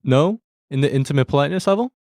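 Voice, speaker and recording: A man's voice: on the high side, expressive, fast talker, darkish tone, dry recording, studio quality. A man hosting a language lesson, explaining Korean phrases to learners step by step in a friendly way that breaks into easy laughter.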